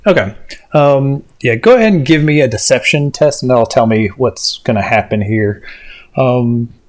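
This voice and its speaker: A man's voice: medium pitch, moderate pace. A man running a tabletop game as game master, rambling with lots of ums and restarts. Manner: rambling, many fillers and restarts.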